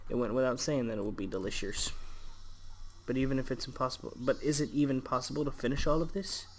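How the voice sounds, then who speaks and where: A man's voice: mid-range voice, steady tone, fast, a little hiss or hum. A man reading a visual novel's text aloud and breaking off into crude jokes about it. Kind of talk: casual let's play narration with jokey asides.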